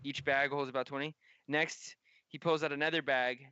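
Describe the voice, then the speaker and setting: Male game master, bright and crisp, halting narration, dry slightly dull mic. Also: mid-range voice, fairly even intonation, dry recording.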